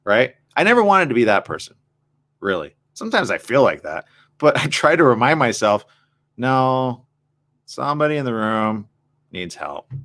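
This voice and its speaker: A man's voice: mid-range voice, sing-song, moderate pace, fairly bright tone. A man hosting a morning show, talking candidly and reflectively in a personal monologue, often asking rhetorical questions.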